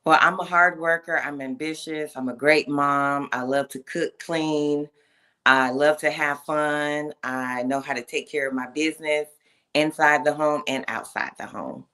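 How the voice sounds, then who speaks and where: Low bright-voiced woman in her thirties. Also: steady tone, measured pace. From Atlanta area, United States. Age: 30s. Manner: polite and composed, with brief laughs. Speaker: guest on a dating show. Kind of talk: casual interview answers.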